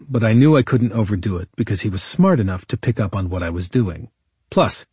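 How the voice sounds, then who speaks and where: A man narrating a memoir audiobook in a measured, wry storytelling manner, as a defense lawyer recounting events. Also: on the low side, dark tone, breathy edge, no room sound.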